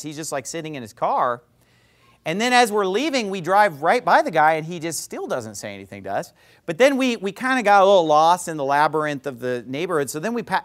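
Male pastor, sermon storytelling; high, very animated delivery, sarcastic and emphatic. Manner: emphatic, repeats words.

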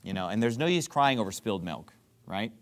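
Animated preaching man, lively pitch. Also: fairly quick. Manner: animated preaching, rhetorical questions to the congregation; drops to a soft low voice to act out apologies. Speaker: pastor. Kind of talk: sermon.

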